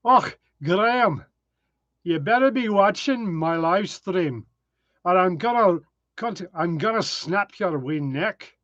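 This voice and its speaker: A blustering Scotsman with a put-on Scottish accent and a gruff, exaggerated delivery, played by a man for a laugh. The voice sits a little high and the sound is dry and dull, as from a lo-fi live stream. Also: expressive, slow, fairly bright tone, dry recording, full character voice. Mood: mock menace.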